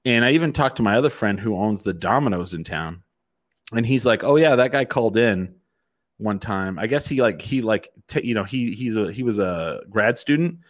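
Middle-aged man, casual storyteller, lively swooping pitch, lowish voice, swears a lot. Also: moderate pace. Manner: profane, animated storytelling.

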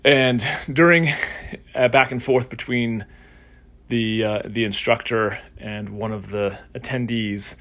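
A man hosting a casual solo podcast as a coach, telling a story in a relaxed, conversational way. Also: mid-range voice, slow pace. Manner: conversational storytelling, acts out quoted voices.

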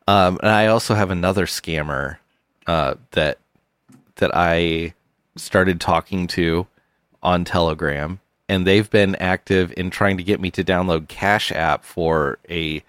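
Deadpan podcast co-host, man, very deep voice, dry booth sound. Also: smooth, no room sound. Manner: deadpan storytelling, low-key and unhurried. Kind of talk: casual comedic chat.

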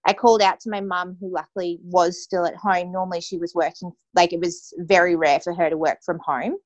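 A woman's voice: on the low side, fairly even intonation, a little fast, dry recording, lo-fi sound. A young adult woman telling a personal story as an interview guest, casual and full of "like" and "you know". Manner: casual, heavy use of "like" and "you know" fillers.

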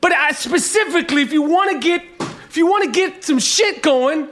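A middle-aged man hosting a podcast, ranting profanely and bursting into shouts. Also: very high voice, moderate pace, a little hiss or hum. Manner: swears heavily and shouts in bursts. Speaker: podcast host. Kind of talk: profane, animated podcast rant.

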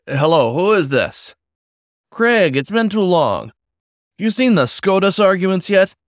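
A folksy old timberwolf politician, as a male narrator puts him on talks in a jovial, chummy way, louder and higher than plain narration. This storybook figure is overbearing but friendly on the surface. The sound is dry and close. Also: big pitch swings, moderate pace, clean tone, no room sound. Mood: chatty. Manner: chummy, hearty, raised voice. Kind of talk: storybook character voice.

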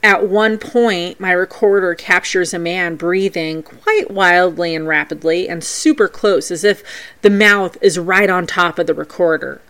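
A woman's voice: lowish voice, measured pace. A woman hosting a podcast, telling the stories of her paranormal investigations in a scripted but playful way. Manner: storytelling paranormal investigation accounts, animated and playful. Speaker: podcast host.

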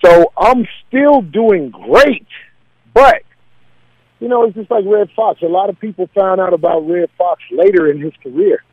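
Slightly high-voiced comedian, lo-fi sound. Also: male voice, a little slow, no room sound. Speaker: comedian guest. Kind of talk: casual interview talk.

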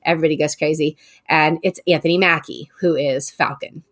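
A young woman, telling a story in casual chat, animated and full of fillers. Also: fairly quick. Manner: animated, many fillers, acts out quotes in a higher voice.

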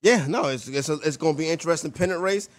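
A man's voice: a little high, rapid-fire. A man hosting a sports radio show, chatting casually with loose, enthusiastic banter. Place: radio studio.

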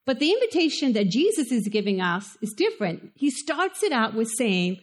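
High-voiced woman preaching, Spanish accent. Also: moderate pace, hardly any pauses. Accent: Spanish-accented English. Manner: conversational and animated, asks the listeners questions. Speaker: pastor. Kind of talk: sermon.

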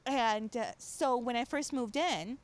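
A young adult woman guest on a chat podcast, telling stories and acting out what people said with big jumps in her voice. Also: unhurried. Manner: animated, acts out quoted dialogue with big pitch jumps. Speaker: podcast guest, radio host. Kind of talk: casual chat, storytelling.

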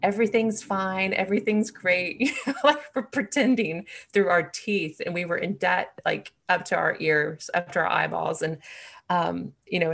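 A woman's voice: deep voice, gravelly. A woman in her forties, an interview guest, telling a personal story in a candid, earnest way with many fillers and restarts.

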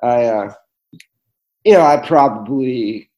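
A man's voice: mid-range voice, takes it slowly, darkish tone, rough recording. A man, telling personal stories as a guest in a conversation, earnest and full of fillers and restarts. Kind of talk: reflective storytelling in conversation.

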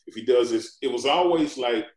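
A man's voice: medium pitch, brisk, roomy sound, poor audio. A man, a former pro football lineman, telling stories in a casual chat and acting out the quotes. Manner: animated storyteller, acts out quotes. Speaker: former NFL lineman guest.

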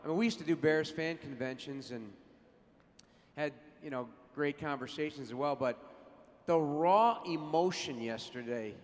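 A man's voice: on the high side, normal speed. A man co-hosting on a convention stage, emotional and effusive, tripping over his words. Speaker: panel host. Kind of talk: onstage interview question. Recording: hall reverb, faint crowd.

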